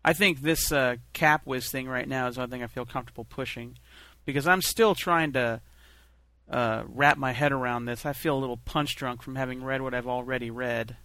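A man co-hosting a podcast in casual chat, talking haltingly with many restarts. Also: mid-range voice, pushed and bright, no room sound. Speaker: podcast co-host.

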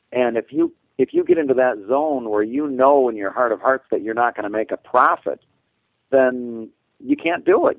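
A man's voice: medium pitch, gravelly, no echo, phone-quality sound. A man co-hosting a podcast, recounting a story in casual chat, often stumbling and repeating his words. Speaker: podcast co-host.

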